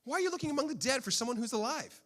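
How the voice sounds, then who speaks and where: A man voicing two angels who calmly question frightened women. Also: very high-pitched, rapid-fire, pitched above the performer's own voice, heavily acted. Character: calm male angels in dazzling robes.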